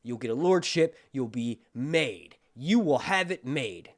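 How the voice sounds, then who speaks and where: A man voicing a scheming, proud queen who coaxes and flatters with false sweetness. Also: medium pitch, a little slow. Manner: coaxing, sugary, manipulative.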